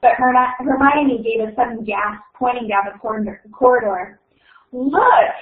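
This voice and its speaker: A young woman hosting an online reading event and reading a story aloud, chatty and unhurried, with plenty of fillers. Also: on the high side. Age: young adult. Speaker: event host and reader. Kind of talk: casual hosting and book reading. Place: at home on a video call. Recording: echoey tinny online call audio.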